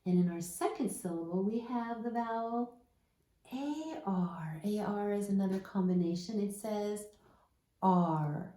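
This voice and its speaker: A woman teaching a slow, deliberate phonics lesson to young children, spelling out letters one at a time and modeling each sound patiently. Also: medium pitch, dark tone, roomy sound. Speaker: reading intervention teacher.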